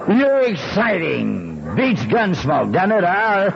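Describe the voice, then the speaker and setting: A man's voice: high-pitched, big pitch swings, a little slow, few pauses, a crowd in the background, background noise. Wry folksy older man, lo-fi recording. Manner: wry, folksy, clears throat often. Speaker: speaker sharing his recovery story. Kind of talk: humorous storytelling talk.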